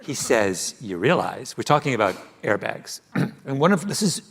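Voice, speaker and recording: Author on stage, lively storyteller with a very expressive, swinging pitch. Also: male voice, moderate pace, breathy edge. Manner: animated storytelling, laughs often. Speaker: author being interviewed. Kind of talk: live stage conversation. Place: theater stage before an audience.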